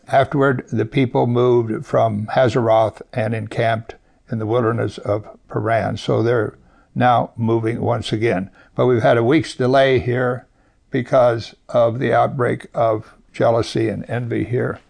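A male preacher walks a congregation through scripture in an easy, talky way, pausing to ask questions of his listeners. His voice sits mid-range with a gravelly, fry-tinged edge. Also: mid-range voice, little pitch movement, a little mellow. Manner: conversational Bible teaching with rhetorical questions and chuckles. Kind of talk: sermon.

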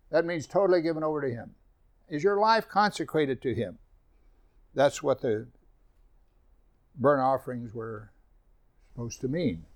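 A middle-aged man preaching a conversational sermon, acting out little everyday scenes as he goes. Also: fairly high pitch. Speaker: pastor.

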